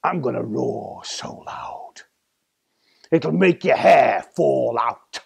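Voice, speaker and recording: A man's voice: mid-range voice, animated, takes it slowly, gravelly, darkish tone, slightly rough, exaggerated voice. A man voicing a mean, boastful male tiger in a told story, mocking and gloating.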